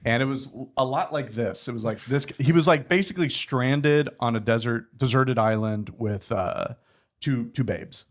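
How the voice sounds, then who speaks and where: Podcast guest, man, mid pitch, lively storyteller, does the voices. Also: moderate pace. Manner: animated, acts out quoted people. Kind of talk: casual storytelling chat.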